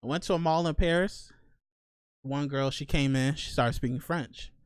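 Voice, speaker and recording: A young man hosting a podcast, telling stories in slangy, animated casual chat. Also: fairly high pitch, normal speed, clear, resonant tone, no room sound. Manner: slangy, animated storytelling with laughs. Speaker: podcast host.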